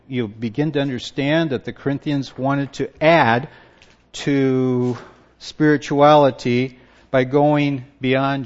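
A man with a mid-range voice preaches slowly and emphatically, often pausing to ask his listeners questions and repeating his words. The audio sounds dull.

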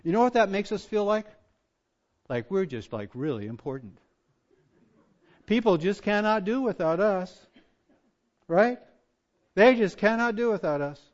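A pastor preaching a sermon, swinging from hushed asides to loud emphatic points. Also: male voice, sits high, lively intonation, a little slow, pauses often. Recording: dull lo-fi church recording.

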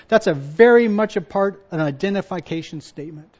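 A male pastor giving a sermon, moving from quiet personal reflection to loud, emphatic repetition. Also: high voice, expressive, a little fast, few pauses. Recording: dull lo-fi sound.

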